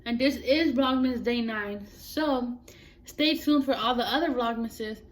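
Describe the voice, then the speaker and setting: A woman's voice: a little high, unhurried, poor audio. A young woman telling a chatty storytime vlog, acting out her family members' voices as she goes. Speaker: vlogger.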